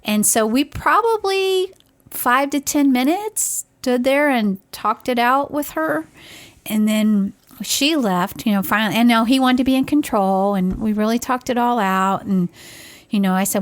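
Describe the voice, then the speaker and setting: A middle-aged woman co-hosting a podcast, telling a story in an animated way and acting out what others said. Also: a little high, a little slow. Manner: animated, acts out quoted voices. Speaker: podcast co-host, parent. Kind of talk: casual conversational storytelling.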